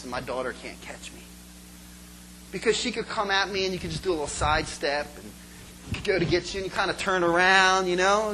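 A pastor preaching a passionate sermon to his church, moving between quiet, chatty asides and loud, pleading calls. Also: high-pitched, slight background noise, poor audio.

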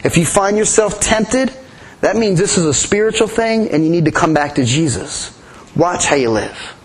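A man's voice: high-pitched, lively intonation, moderate pace, rough recording. A man preaching a sermon in an earnest way, often repeating his key phrases. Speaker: pastor.

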